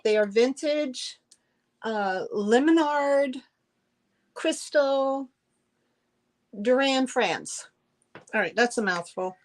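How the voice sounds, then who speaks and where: A middle-aged woman with a high-pitched voice draws out her words and pauses often as she hosts a live-stream sale. Her talk with viewers is effusive and dotted with fillers and restarts.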